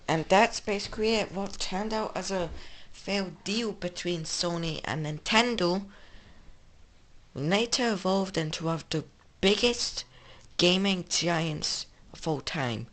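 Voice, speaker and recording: A man's voice: sits high, unhurried, a bit bright. A male gaming channel host with an English accent, talking through games in casual, rambling commentary full of restarts. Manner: rambling, many restarts and fillers.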